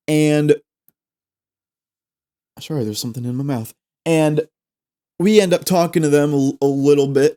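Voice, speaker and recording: A man's voice: mid-range voice, darkish tone. Rambling man telling a comic story. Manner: rambling, self-correcting, jokey asides. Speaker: podcast host. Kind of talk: comedic storytelling.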